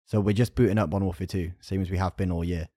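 A man hosting a casual gaming podcast, chummy and quick to hedge his guesses. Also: sits low, fairly even intonation, dark tone, slightly rough, no echo, clean studio sound. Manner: chummy, hedging speculation. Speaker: podcast host.

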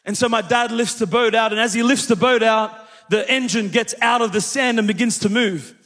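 In a church hall full of lingering reverb, a pastor whose voice sits unusually high delivers a sermon built on storytelling. He talks fairly quickly and animatedly, tossing questions to his listeners.

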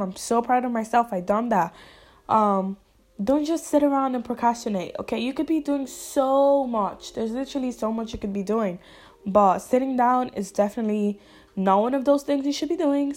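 Earnest young woman podcaster, higher voice. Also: a little mellow. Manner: earnest, encouraging, addresses listeners directly; says she talks fast and runs out of breath. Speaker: podcast host. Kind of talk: casual solo podcast talk.

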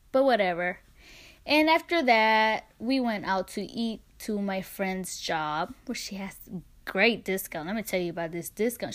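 An eighteen-year-old woman hosting a podcast, talking casually in a chatty, sarcastic way. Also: mid-range voice. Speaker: podcast host.

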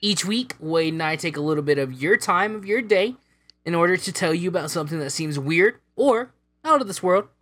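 A man's voice: sits high, animated, fairly quick, a bit bright. A man hosting a casual podcast, chatting and laughing often between his lines. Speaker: podcast host. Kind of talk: casual chat.

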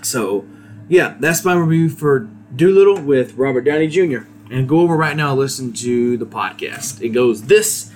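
A man's voice: mid-range voice, animated, normal speed, a little hiss or hum. A man hosting a podcast, giving a casual, rambling solo movie review with many hesitations. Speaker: podcast host.

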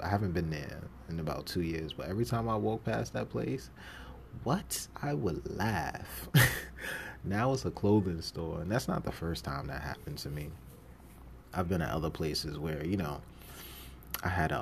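A man's voice: sits low, slight background noise. A man hosting a podcast, telling stories from his jobs in a casual monologue, acting out the voices of the people he quotes and laughing often. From New York City. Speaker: podcast host.

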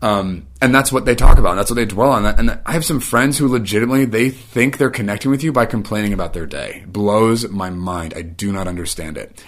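A man giving a casual but emphatic faith-based talk, swinging between animated, raised passages and low, quiet ones, with casual fillers throughout. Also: fast. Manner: emphatic, builds to animated peaks then drops low and quiet; casual, filler-heavy phrasing. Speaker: Christian teacher.

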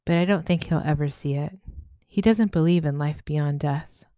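A fearful, thoughtful young woman spirit speaks with hesitation, read by a woman narrator. The voice is low and close, with a dry, dead sound. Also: moderate pace, mellow, no room sound, natural voice. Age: young adult.

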